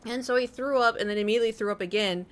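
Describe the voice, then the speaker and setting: A woman's voice: medium pitch, racing. A young woman with a slight lisp from braces, chatting casually on a live stream and telling rambling, self-mocking stories with frequent laughter.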